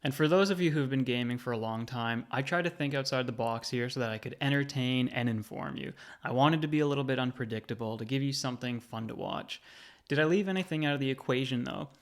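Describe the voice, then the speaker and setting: A man's voice: mid-range voice, quick pace. A man in his thirties, a gaming channel host, narrating a scripted video essay in a conversational, lightly wry way.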